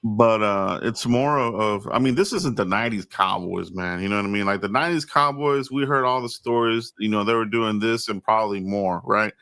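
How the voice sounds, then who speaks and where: A man's voice: lowish voice, a bit bright, no echo, studio quality. A man hosting a casual sports podcast, loose and chatty, laughing often and restarting his sentences. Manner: loose, laughing, stammering restarts, hype asides. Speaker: podcast host.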